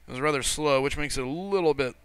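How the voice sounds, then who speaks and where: A man's voice: a little high, quick pace, a bit bright, a little hiss or hum. A man hosting a gaming livestream in casual chat, greeting viewers and reading their messages aloud in a loose, rambling way. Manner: loose and rambling, with frequent fillers and self-corrections.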